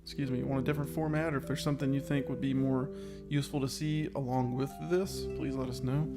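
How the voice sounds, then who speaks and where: A man co-hosts a casual online chat show, speaking quickly at a medium pitch with little pitch movement while music plays underneath. The podcast co-host rambles in an upbeat, self-aware way and sounds slightly out of breath.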